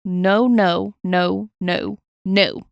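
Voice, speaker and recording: A woman's voice: medium pitch, very slow, gravelly, clear, resonant tone, no echo. A woman reading a frightened young woman's pleading lines plainly from a transcript, in a dry recording. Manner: flat reading of a transcript, little character.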